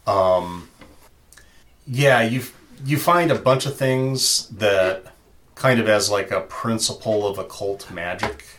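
Low-voiced man running a tabletop game. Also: takes it slowly, a bit bright. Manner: loose and chatty, many fillers. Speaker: game master.

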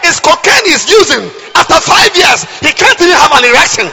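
A male preacher delivering an animated sermon, shouting with comic asides. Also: very high-pitched, a little fast, vocal fry, a crowd in the background, background noise.

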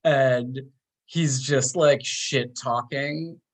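Male podcast co-host from Long Island, unhurried, chatty recapper who acts out the characters' lines. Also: steady tone. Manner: laid-back, chatty, acts out characters' lines with big jumps in pitch. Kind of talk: casual chat.

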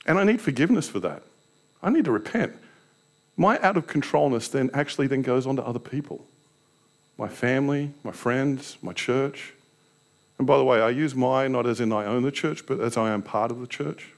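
A man's voice: medium pitch, expressive, moderate pace, gravelly. A pastor preaching a sermon in a candid, self-deprecating way, telling personal stories and asking his listeners rhetorical questions.

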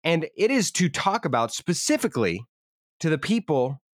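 A man chatting on a podcast, his pitch leaping up and down as he riffs through half-serious rants. He tosses out mock-grand proclamations between rambling asides. The sound is dry and close, with no room in it. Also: moderate pace, no room sound. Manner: animated, jokey, rambling with mock-grand declarations. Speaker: podcast co-host. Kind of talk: casual comedic podcast chat.

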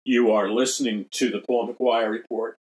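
A man's voice: mid-range voice, steady tone, normal speed, a little mellow, poor audio. An older man delivers a talk radio monologue as host of a religious show. His mid-range voice is emphatic, and he repeats key phrases to drive the point home and appeals earnestly to his listeners.

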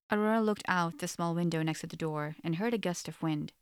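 A woman narrating a story in an audiobook, with a steady, measured reading. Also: lowish voice, smooth, dry recording, studio quality.

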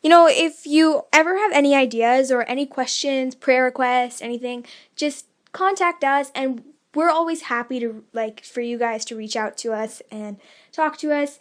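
High-voiced woman podcast co-host. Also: moderate pace, no room sound. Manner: chatty, laughs lightly, self-correcting. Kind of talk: casual faith podcast talk.

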